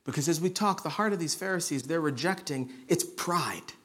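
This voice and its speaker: A man's voice: a little high, moderate pace, a bit bright, husky. Earnest man preaching a sermon. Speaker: pastor. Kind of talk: expository sermon.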